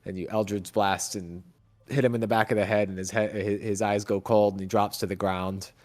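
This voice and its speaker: A man narrating a tabletop game as game master, halting and hesitant, with many fillers and restarts. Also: lowish voice, little pitch movement.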